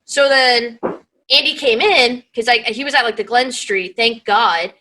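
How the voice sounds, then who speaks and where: A young woman with a bright, forceful voice pitched a little high tells a story in casual podcast chat. She is animated and swears freely as she acts out who said what. It sounds like a video call mic. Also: a little slow, rough recording. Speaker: podcast co-host.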